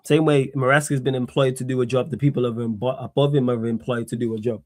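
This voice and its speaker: A man's voice: medium pitch, level tone, fast, a little mellow, no room sound. A young man hosting a solo sports live stream, blunt and sarcastic, hammering his points with repetition and swearing. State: tired. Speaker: streamer host.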